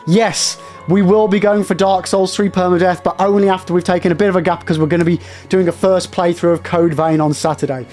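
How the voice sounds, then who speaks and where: A man's voice: high-pitched, steady tone, brisk, darkish tone, faint music behind. Elated, jittery man streaming. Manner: elated and jittery, talking to chat in bursts. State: shaky with nerves after a win. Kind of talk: excited live-stream chat.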